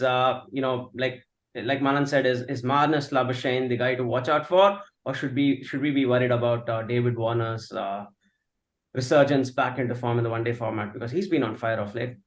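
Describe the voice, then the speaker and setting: A man at a mid pitch, hosting a podcast in a jokey, easygoing way. He leans on plenty of fillers as he brings each guest in. The audio is roomy and comes over a video call. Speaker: podcast host. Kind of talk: casual podcast chat.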